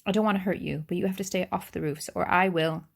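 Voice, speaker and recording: A woman's voice: lowish voice, steady tone, fast, vocal fry, breathy edge. A woman voicing a wary, cold boy who speaks curtly and matter-of-factly. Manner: curt, matter-of-fact.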